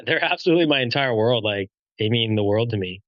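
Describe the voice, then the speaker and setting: A man's voice: medium pitch, animated, fairly quick, no room sound, muffled recording. A guest and father in a casual podcast chat, easygoing and eager, joking with his friends.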